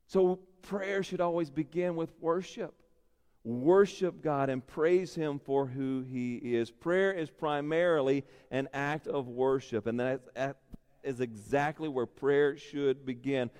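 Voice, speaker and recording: A male pastor preaching a sermon, slow and emphatic, repeating key phrases and building in intensity. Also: on the high side, darkish tone, smooth. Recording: long reverb in a large hall.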